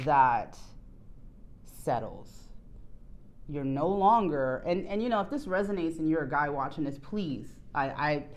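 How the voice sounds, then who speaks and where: A woman doing a casual tarot reading to her viewers, candid and profane, jumping between quiet low asides and loud excited outbursts. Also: slight background noise. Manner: candid, swears freely, bursts into laughs. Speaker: tarot reader.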